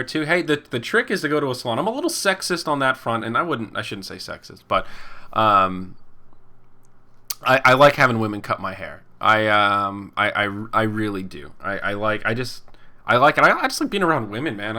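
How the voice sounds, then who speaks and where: A young man in his twenties chats loosely on his own podcast, reacting to viewer comments as they come in. His voice is bright and forward, and he rambles, chuckles and slips into quick impressions of the people he quotes. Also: mid-range voice. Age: 20s. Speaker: podcast host and esports caster. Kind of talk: casual chat reading live chat.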